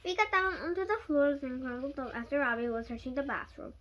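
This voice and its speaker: A child reading a storybook aloud, halting, with slips and restarts. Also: high-pitched, lively intonation, bright, forceful tone, highs cut off. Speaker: reader.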